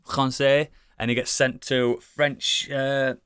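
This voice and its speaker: A man's voice: medium pitch, flat delivery, takes it slowly, a bit bright, clear, resonant tone, dry recording, studio quality. A British man co-hosting a casual podcast, rambling enthusiastically with lots of swearing and restarts. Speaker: podcast co-host. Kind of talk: casual chat.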